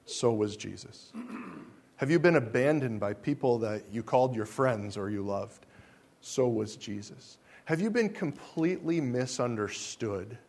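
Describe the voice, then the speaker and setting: A man's voice: medium pitch, lively intonation, a little slow, vocal fry. Emphatic male preacher. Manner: emphatic, rhetorical questions to the congregation; wide swings between soft and loud. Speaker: pastor. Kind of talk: sermon.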